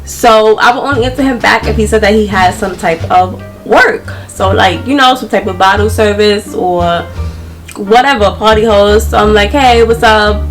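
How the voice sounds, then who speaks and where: A young woman, telling a story to her viewers in an animated, slangy way. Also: mid-range voice, moderate pace, faint music behind, poor audio. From New York. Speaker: vlogger.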